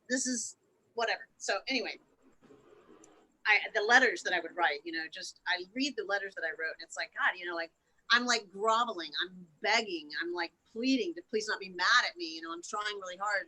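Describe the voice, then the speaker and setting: A woman with a very bright, sharp-edged voice tells her story in an emotional, unfiltered way. She swears a lot and trips over her words, restarting sentences as she goes. Her is relaxed and conversational. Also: medium pitch, low-quality recording. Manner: emotional, swears freely, repeats and restarts often. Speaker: podcast guest. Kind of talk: candid storytelling interview.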